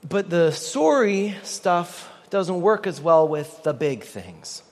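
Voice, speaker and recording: Animated high-voiced pastor in a hall. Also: male voice, takes it slowly. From Canada. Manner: animated, joking, gets the audience to repeat lines. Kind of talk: sermon.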